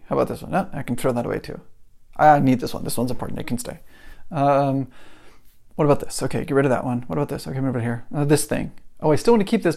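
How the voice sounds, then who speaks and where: Gravelly guy doing a solo podcast at his desk, rambly, restarts his sentences a lot. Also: medium pitch, darkish tone. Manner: rambling, restarts often, talks himself through examples. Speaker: podcast host. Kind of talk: casual solo podcast talk.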